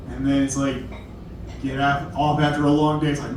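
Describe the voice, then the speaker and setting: A man's voice: fairly high pitch, steady tone, normal speed, a little mellow, slight background noise. A young man from Kentucky doing a stand-up comedy set, rambling and self-deprecating with apologetic asides. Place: comedy club stage. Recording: very echoey room from far off.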